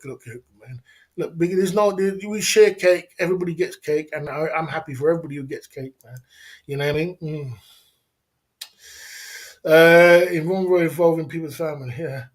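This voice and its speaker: A man hosting a casual livestream, rambling and repeating himself in streetwise slang while answering viewers. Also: fairly high pitch. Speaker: livestream host. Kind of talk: casual livestream chat reading viewer comments.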